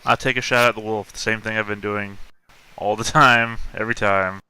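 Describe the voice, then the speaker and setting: A man's voice: lowish voice, fairly even intonation, normal speed, sharp tone, smooth, low-quality recording. A man playing a tabletop role-playing game, matter-of-fact with dry humor. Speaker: player. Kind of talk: casual chat at a game table.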